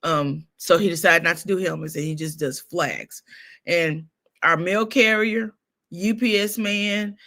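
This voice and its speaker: A woman hosting a casual gossip livestream, telling stories in a lively way with laughs. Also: on the low side, measured pace. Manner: animated storytelling with laughs. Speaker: show host.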